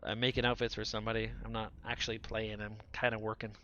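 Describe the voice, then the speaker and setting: A man's voice: fairly low pitch, monotone, quick pace, a bit bright, lo-fi sound, a little hiss or hum. A man in his forties chatting casually on a live stream; he talks nonstop, laughs a lot, and his voice sounds younger than his age and sometimes cracks. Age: 40s.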